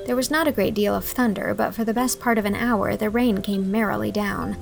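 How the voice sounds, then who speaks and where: A woman narrating a classic storybook with a gentle, even reading manner. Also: medium pitch, brisk, vocal fry, soft background music. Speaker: audiobook reader.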